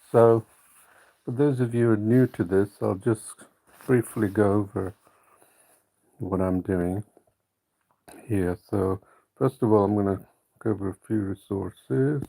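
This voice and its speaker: Low gravelly man teaching drawing. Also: slow, pauses often. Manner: relaxed, rambling, self-correcting. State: hiccuping. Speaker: drawing app tutor. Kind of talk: live stream drawing tutorial.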